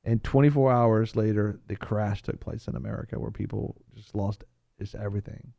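A man on a talk show panel, talking casually in a rambling, animated storytelling way with frequent restarts. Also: fairly low pitch, moderate pace, gravelly, dry recording, studio quality. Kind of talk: casual chat.

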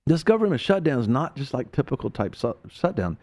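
A man's voice: mid-range voice, very animated, brisk, mellow. Preaching male talk radio host. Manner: preacherly, rising to emphatic peaks.

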